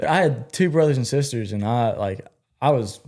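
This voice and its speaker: A man co-hosting a podcast, telling a childhood story in an animated, laughing way. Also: medium pitch, normal speed. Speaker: podcast co-host. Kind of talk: casual storytelling.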